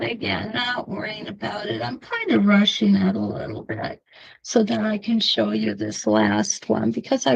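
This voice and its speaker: Slow, gravelly-voiced chatty quilting teacher woman. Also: fairly high pitch. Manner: chatty, laughs, talks to viewers. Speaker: quilting instructor. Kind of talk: live-streamed quilting demo.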